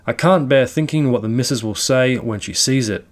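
A man's voice: mid-range voice, moderate pace, close to an everyday voice. Man reading as a fretful country landlord. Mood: worried. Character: worried married village landlord, plain country man.

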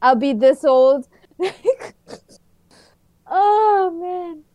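Giggly high-voiced woman podcaster. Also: expressive, extremely slow, dry recording, dull audio. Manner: giggly, gushing, slangy. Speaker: podcast co-host. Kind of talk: casual chat.

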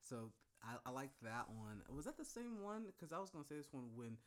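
A man's voice: mid-range voice, big pitch swings, brisk. A man co-hosting a podcast, rambling casually with lots of fillers. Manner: rambling, filler-heavy, self-described scatterbrained. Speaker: podcast co-host. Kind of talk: casual chat.

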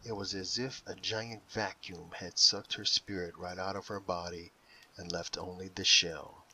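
A man reading an audiobook in slow, measured scripted narration, dropping softly for quoted inner voices. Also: low voice, little pitch movement, breathy edge, rough recording.

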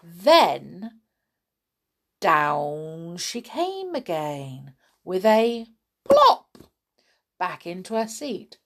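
A woman reading a children's story aloud with expressive, dramatic delivery. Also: on the low side, drawn-out words, creaky.

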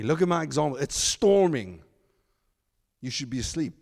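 A man's voice: a little high, normal speed, pauses often. Man preaching in a reverberant hall. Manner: animated, mocking asides in put-on voices. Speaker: pastor. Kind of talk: sermon. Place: church.

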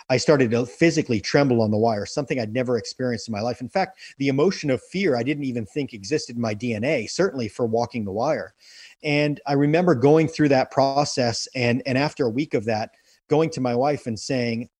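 A man with a husky, slightly breathy voice recounts his story in earnest, stumbling over repeated words when the memories run deep. The sound is dry and close, with almost no room around it. He sounds middle-aged. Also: a little mellow, no room sound. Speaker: guest telling his story. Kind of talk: emotional personal storytelling.

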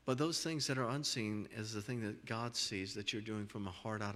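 Low-voiced pastor guy preaching, repeats himself a lot, big echoey church hall. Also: steady tone, moderate pace, hardly any pauses, a bit bright. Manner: earnest, repeats words and restarts phrases. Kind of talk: sermon. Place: church sanctuary. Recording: long reverb of a large church hall.

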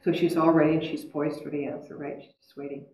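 A spiritual speaker addresses a live audience in a low-pitched, darkish voice with little pitch movement, talking quickly. She is earnest and chatty, turning reflective at times, recorded from a distance in an echoey hall with a little hiss or hum.

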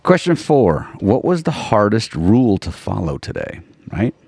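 Low-voiced guy co-hosting a parenting podcast, super lively up and down, laughs a lot, dry close mic. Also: measured pace, gravelly, husky, no room sound. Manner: animated, laughs often, repeats "right?". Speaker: podcast co-host. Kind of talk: casual parenting chat.

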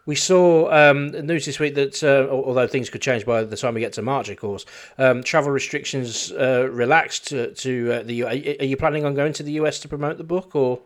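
A man's voice: medium pitch, fairly quick. A man hosting a local radio show, interviewing a guest with many fillers and restarts, then reading the news.

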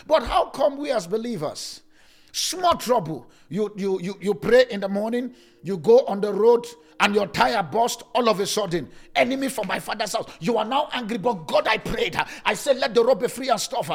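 Male pastor preaching, high husky voice, swings up and down a lot. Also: animated, moderate pace. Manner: preaching with sudden swings in loudness and pitch. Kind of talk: sermon.

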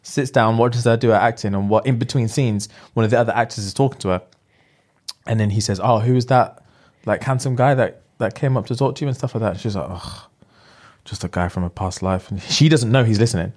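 A man's voice: lowish voice, a little fast. A young man, chatting casually as he retells a film plot in slang and acts out the characters' lines. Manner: animated storyteller with slang, acting out the lines.

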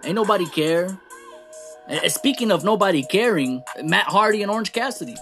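A man with a somewhat high voice rants through a wrestling recap. His delivery is animated, he swears freely and laughs as he goes. Faint music plays under him. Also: a little fast. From Latino. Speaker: wrestling show reviewer. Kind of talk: casual recap rant.

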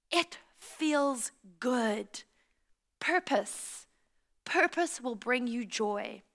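A South African woman preaching a sermon, telling stories in a lively way and speaking straight to her congregation. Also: on the high side. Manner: lively storytelling, addresses the congregation directly.

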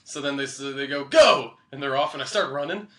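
A man's voice: medium pitch, fast talker, pushed and bright, reverberant. A young man telling a funny story in casual chat, laughing often and acting out the people in it. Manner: laughs often, acts out quoted voices. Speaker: podcast guest.

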